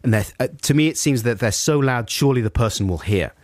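A man's voice: mid-range voice, lively intonation, fast talker, no room sound, clean studio sound. A man co-hosting a radio show, joking, laughing often and reading out listener letters. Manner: jokey, laughs often, breaks into silly sing-song. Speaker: radio co-host.

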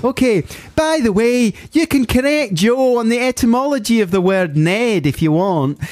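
A man putting on a high, squeaky Glaswegian caricature of a pompous, indignant man correcting people on word origins. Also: expressive, moderate pace, dry recording, clean studio sound. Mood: pedantic. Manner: ranting, indignant, shouting. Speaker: radio host reading a listener's message.

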